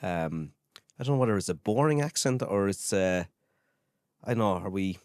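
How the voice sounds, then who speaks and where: A man with a Carlow Irish accent hosting a casual podcast interview, chatty and quick to laugh. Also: lowish voice, clear, resonant tone, no echo, studio quality. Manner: lively, chatty, laughs easily. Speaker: podcast host.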